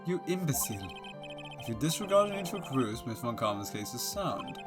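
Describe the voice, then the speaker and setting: A man's voice: mid-range voice, very animated, a little fast, natural voice. A man voicing a haughty young female prosecutor who talks down with clipped insults, over game music. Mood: scornful.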